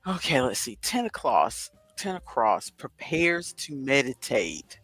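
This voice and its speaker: A chatty man in his fifties hosts a casual home livestream, puzzling over crossword clues out loud. His voice swings up and down with lively intonation, picked up close by a headset mic with a dry, dead-sounding room and faint music underneath. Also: mid-range voice, takes it slowly, no room sound. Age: 50s. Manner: chatty, thinks aloud while solving a crossword. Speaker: livestream host. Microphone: headset with headphones.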